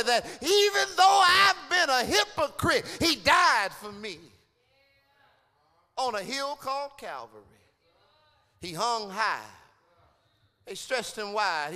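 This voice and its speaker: Pastor, male: slow, impassioned preacher who builds into sung shouts; lively, swooping voice in a church with a long echo. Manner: drops to low, hushed tones between climaxes. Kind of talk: sermon. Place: church sanctuary. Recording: long hall reverb.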